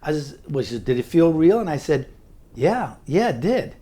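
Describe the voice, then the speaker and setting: An older man tells a story from his own life in a slightly high voice. He speaks earnestly and conversationally, stumbling over a word now and then before carrying on. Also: very animated, normal speed, mellow. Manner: earnest, conversational, with frequent small restarts. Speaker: memoir narrator. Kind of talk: personal storytelling narration.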